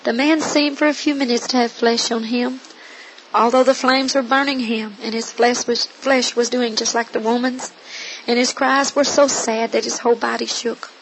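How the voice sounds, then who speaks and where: A woman's voice: on the high side, steady tone, moderate pace, a little hiss or hum, low-quality recording. A woman earnestly reading her own first-person testimony in a solemn manner. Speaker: narrator.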